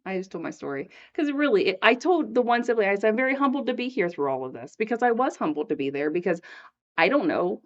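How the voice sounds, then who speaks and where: A woman co-hosts a relaxed faith podcast in a chatty, storytelling way. Her voice sits at a middle pitch and she often breaks into laughter. The recording sounds a little dull and lo-fi. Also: quick pace. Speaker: podcast co-host. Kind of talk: casual faith podcast chat.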